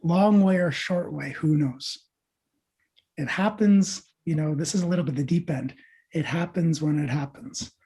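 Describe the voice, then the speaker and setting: Male meditation teacher, warm-dark husky storyteller, animated. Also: fairly high pitch, unhurried. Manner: animated storyteller, lively asides to listeners. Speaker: podcast guest, meditation teacher. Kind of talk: telling a spiritual parable.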